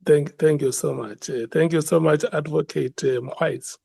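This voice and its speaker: A man's voice: a little high, fairly even intonation, moderate pace, creaky, dark tone, husky, dry recording. A man chairing a parliamentary hearing, hesitant and often repeating words as he restarts. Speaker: committee chair.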